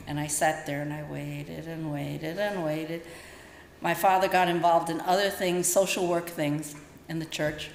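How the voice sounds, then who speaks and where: A woman's voice: on the low side, moderate pace. Older woman telling a story in a temple hall. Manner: storytelling, acts out voices in quotes. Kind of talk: dharma talk with personal stories. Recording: roomy hall echo, faint ambience.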